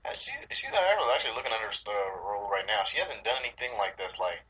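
A man's voice: fairly low pitch, sing-song, very fast, bright, forceful tone, breathy edge, low-quality recording. A man casually chatting about movies with a friend, profane and loose, laughing often. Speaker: podcast co-host. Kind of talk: casual chat.

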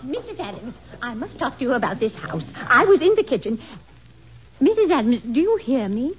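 A fussy, gossiping housekeeper. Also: female voice, on the high side, very animated, a little fast, a little hiss or hum. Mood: grumbling. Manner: chatty, complaining. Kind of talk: 1940s radio acting. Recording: dull old radio recording.

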